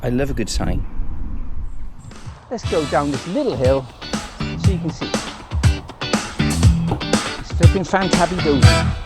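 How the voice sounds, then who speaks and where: A man's voice: a little high, expressive, a little slow, long pauses, loud music behind the voice. A man with an English accent vlogging to camera while cycling on country roads, chatty and rambling with jokey asides. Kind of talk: casual talk to camera while riding. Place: outdoors on country roads on a bike.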